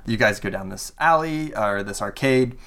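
A man's voice: lowish voice, expressive, moderate pace, fairly bright tone. A man narrating a tabletop game as game master, casual and hesitant with many fillers.

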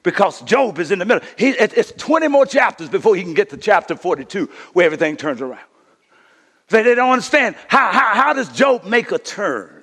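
A man's voice: high-pitched, sing-song, brisk, sharp tone, husky. A man preaching a sermon as pastor, urging his congregation on with repeated calls of "come on now.". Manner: preaching with call-and-response, repeated 'come on now'. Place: church sanctuary. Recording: reverberant hall.

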